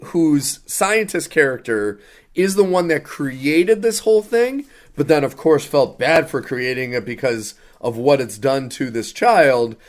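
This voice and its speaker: Ranting, exasperated podcast co-host, a man. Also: mid-range voice. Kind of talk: casual podcast movie review.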